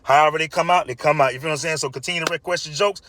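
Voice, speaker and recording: A man's voice: on the high side, racing, noisy background. A man casually telling a pack of jokes, hyped and chatty, laughing at his own punchlines.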